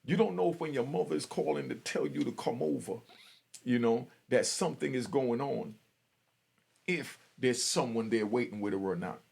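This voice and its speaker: A man's voice: medium pitch, normal speed, vocal fry, a little mellow, slightly rough. A man in his fifties from Jamaica giving blunt, streetwise warnings in a commentary vlog, outdoors on a street. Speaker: vlogger.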